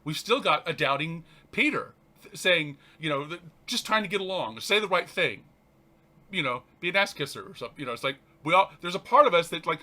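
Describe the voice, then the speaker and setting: A man, a reverend hosting his show, reads a spiritual text aloud and comments on it in an animated, halting way, often restarting and laughing. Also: a little high.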